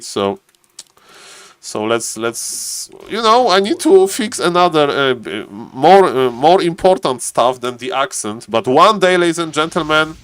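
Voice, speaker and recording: Man, non-native English accent, live game commentary, chatty, slightly high voice, greets chat. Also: smooth, dry recording. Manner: chatty, greets chat viewers, repeats "ladies and gentlemen". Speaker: game caster and streamer.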